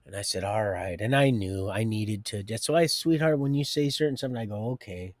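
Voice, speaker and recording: A man's voice: fairly low pitch, brisk, no echo, studio quality. Middle-aged man rambling through a story. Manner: digressive, folksy, many restarts and asides. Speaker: live streamer telling his life story. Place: home, with a door and heater nearby.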